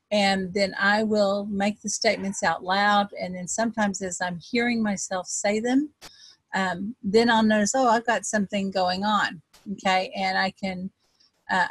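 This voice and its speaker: A woman with a Texas accent, a self-described fast talker, teaching an online group in a chatty way with many ums. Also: mid-range voice, fairly bright tone, dry recording. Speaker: wealth coach leading an online group. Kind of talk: casual webinar teaching.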